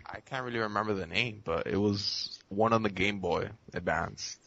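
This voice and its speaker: A man's voice: on the low side, normal speed, creaky, fairly bright tone, muffled recording, a little hiss or hum. A young man in casual chat with friends, laid-back and a little unsure.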